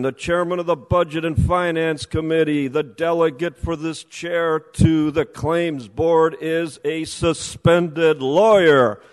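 A man giving a sarcastic, accusatory public comment at a council meeting, speaking slowly and deliberately. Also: a little high, big-room sound, low-quality recording. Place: council chamber.

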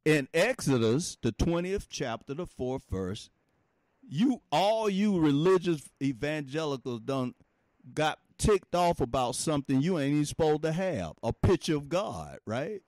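A man preaching an informal sermon in a folksy, animated way, laughing often and talking straight to his listeners. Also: a little high, measured pace, no echo.

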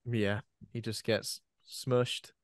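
A man's voice: on the low side, flat delivery, slow pace, no room sound. Dry-sounding playful man. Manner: playful, riffs with silly put-on quotes. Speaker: podcast co-host. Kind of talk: casual film review chat.

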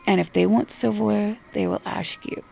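A woman's voice: medium pitch, steady tone, normal speed, gravelly, a little mellow, a little hiss or hum. A woman vlogger in a casual, exasperated rant, talking bluntly and swearing freely. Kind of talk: casual ranting monologue.

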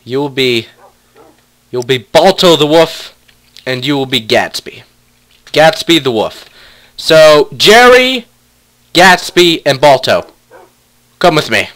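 Young man, let's play commentary, playful, animated pitch, chatting to pets. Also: slow pace, long pauses. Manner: playful, talks to his pet wolves. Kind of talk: casual game commentary.

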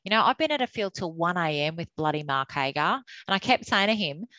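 Candid New woman, low-pitched. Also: fairly quick, dry recording, rough recording. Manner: candid, animated storyteller. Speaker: hockey umpires manager. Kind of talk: webinar presentation.

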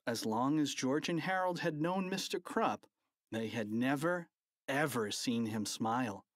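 Children's audiobook narrator, animated, playful, slow pace, dry close sound. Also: medium pitch, dry recording.

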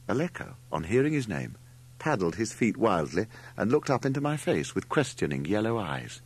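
Male narrator, deep and husky, expressive wry storytelling. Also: moderate pace. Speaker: audiobook narrator. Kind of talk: scripted narration.

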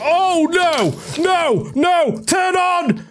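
A woman's voice: fairly high pitch, sing-song, takes it slowly, pauses often. Jumpy woman yelping through horror gameplay. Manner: jumpy, swears and yelps in fright. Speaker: gaming video creator. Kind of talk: horror game let's play commentary.

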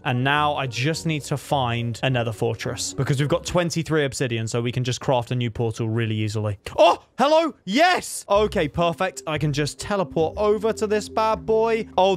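An excitable man narrates his own gameplay as it happens, his slightly high voice swooping wildly up and down. He talks to himself, begs the game's creatures, and yelps at close calls, with faint music playing underneath. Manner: excitable, talks to himself and to game mobs, pleading and yelping. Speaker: gaming video creator. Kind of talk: live gameplay commentary.

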